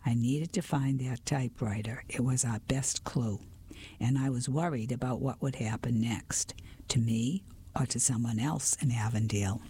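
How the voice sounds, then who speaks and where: A narrator reading a mystery story in a soft, steady whispered role-play. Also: medium pitch, moderate pace, breathy edge.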